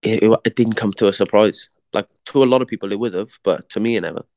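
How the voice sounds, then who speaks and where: A man's voice: fairly low pitch, quick pace, a little mellow, no room sound, studio quality. A young man, a boxer, chatting casually in an interview, slangy and repeating words as he tells his story.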